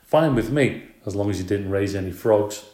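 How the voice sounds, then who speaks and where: A man voicing a polite, timid male hamster in a storybook, talking in a squeaky, earnest way. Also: lively intonation, moderate pace, mellow, roomy sound, close to an everyday voice.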